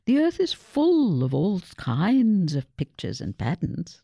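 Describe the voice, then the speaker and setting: A woman voicing a gentle, wise grandmother in a children's story. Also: fairly low pitch, wildly swooping pitch, takes it slowly, vocal fry, dry recording, studio quality, pitched above the performer's own voice, full character voice.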